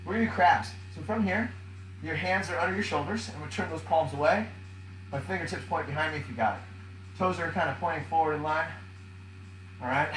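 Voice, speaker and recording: A man's voice: fairly high pitch, a bit bright, roomy sound, slight background noise, low-quality recording. Breathless upbeat man coaching a workout. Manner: counts reps aloud, upbeat cues, often asks "all right?". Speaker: fitness coach. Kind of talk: guiding a workout while doing it. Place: home workout room.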